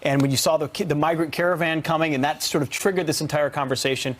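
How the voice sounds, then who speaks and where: A man's voice: a little high, steady tone, quick pace, fairly bright tone. A man co-hosting a morning news show, giving assertive commentary in studio chat.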